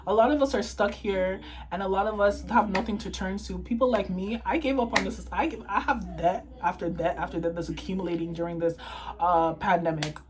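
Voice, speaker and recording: A woman's voice: medium pitch, fairly quick, poor audio. A young woman from Toronto, Canada, tearful and impassioned, ranting and swearing in an emotional to-camera vlog monologue. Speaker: vlogger.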